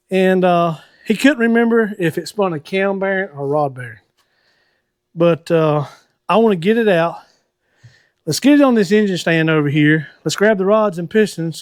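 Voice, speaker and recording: A man, hosting a car-building vlog from his shop, chatty and folksy as he thinks out loud while he works. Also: high voice. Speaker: host of a car-building channel. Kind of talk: casual shop vlog talk to viewers.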